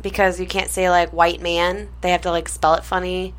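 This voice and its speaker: A woman's voice: on the low side, little pitch movement, moderate pace. A woman co-hosting a casual podcast, blunt and teasing. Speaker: podcast co-host. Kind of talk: casual chat.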